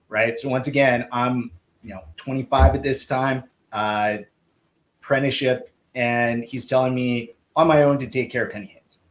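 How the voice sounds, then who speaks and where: Man telling a lively coaching story. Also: mid-range voice, low-quality recording. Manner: lively, acts out quoted dialogue. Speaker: guest, swim coach. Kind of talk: casual anecdotal storytelling.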